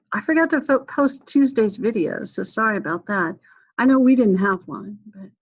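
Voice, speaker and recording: A woman's voice: medium pitch, dull audio. A woman history instructor giving a casual recorded class talk, chatty and thinking aloud as she searches for files. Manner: chatty, self-interrupting, thinking aloud while clicking through files.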